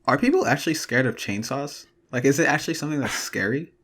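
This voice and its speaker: A man's voice: medium pitch, expressive, fast, a bit bright. A young man co-hosting a casual podcast chat, curious and steering it with questions to the group. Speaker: podcast co-host.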